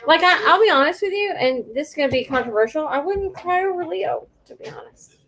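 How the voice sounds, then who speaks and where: A woman co-hosting a casual chat, blunt, teasing and expressive. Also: extremely high pitch, fairly quick. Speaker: co-host.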